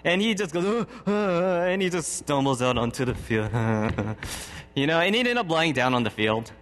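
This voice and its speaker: Animated man preaching in a reverberant hall. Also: mid-range voice, normal speed, slight background noise. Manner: conversational, chuckles often, restarts sentences. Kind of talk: sermon with personal anecdotes.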